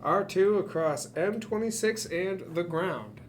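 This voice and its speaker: A man's voice: high voice, animated, slight background noise. A man at a hobby workbench reading instructions aloud step by step, with dry jokes in between. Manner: jokey, reads steps aloud deliberately. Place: hackerspace workshop.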